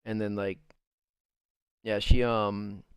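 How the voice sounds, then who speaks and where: A man's voice: fairly low pitch, level tone, slow, smooth, dry recording, clean studio sound. A young man streamer telling a personal story in casual chat, rambling with lots of fillers and the odd swear. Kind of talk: casual storytime while gaming.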